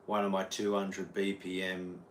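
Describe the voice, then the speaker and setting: A man's voice: deep voice, completely flat delivery, moderate pace, slight background noise. An Australian man, a guitar teacher, rambling casually on a livestream and answering viewers' chat. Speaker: guitar teacher streaming live.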